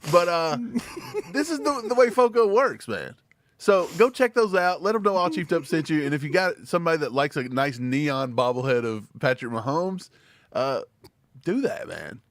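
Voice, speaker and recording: Teasing man with a lively voice. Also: fairly high pitch, moderate pace, no room sound. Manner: teasing, easygoing banter. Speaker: co-host of a live fan stream. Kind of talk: casual live-stream chat.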